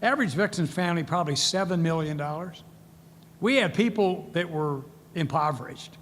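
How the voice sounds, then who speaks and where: A man's voice: fairly high pitch, moderate pace, fairly bright tone, slight background noise. An older man giving a speech as keynote speaker, telling stories and acting out the voices of people he quotes. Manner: storytelling, acts out quoted voices. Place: large event hall. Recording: long hall reverb, faint ambience.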